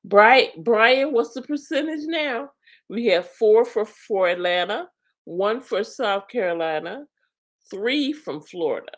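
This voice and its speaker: A woman hosts a live stream and chats with viewers in a slow, unhurried way. Her voice sits fairly high and swings widely in pitch. She is animated and talkative and laughs often. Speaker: livestream host.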